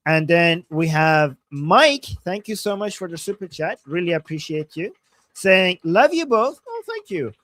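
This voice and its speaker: A man's voice: high voice, big pitch swings, unhurried, a bit bright, no room sound. A man co-hosting a live political stream, weighing ideas carefully and reading viewer messages aloud. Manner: thoughtful, hedging, reads messages aloud. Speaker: co-host reading viewer super chats.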